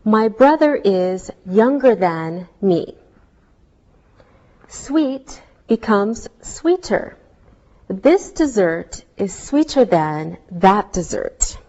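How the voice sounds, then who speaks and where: A woman teaching a scripted English lesson, speaking slowly and carefully so learners can follow each word. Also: mid-range voice, big pitch swings, mellow, highs cut off. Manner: slow, clearly spelled-out teaching delivery.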